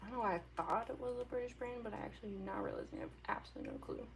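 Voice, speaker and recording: A woman's voice: a little high, very fast, vocal fry, background noise. A young woman chatting casually with her viewers during a drawing livestream. She giggles often and talks in a loose, rambling way with lots of fillers. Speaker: artist livestreamer.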